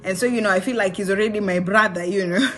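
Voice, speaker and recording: A woman's voice: medium pitch, fast, faint music behind. Kenyan woman telling a story casually. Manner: animated, mixes in Swahili slang, laughs often. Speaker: vlogger.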